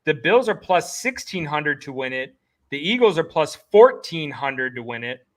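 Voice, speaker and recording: A man co-hosting a casual sports betting chat, excitable and jokey, talking in rapid bursts of hype. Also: a little high. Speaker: podcast co-host.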